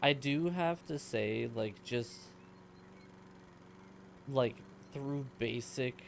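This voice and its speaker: A man's voice: medium pitch, drawn-out words, creaky, a little hiss or hum. A man streaming himself playing a game, chatting casually and rambling in answer to his chat. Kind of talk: casual gameplay commentary.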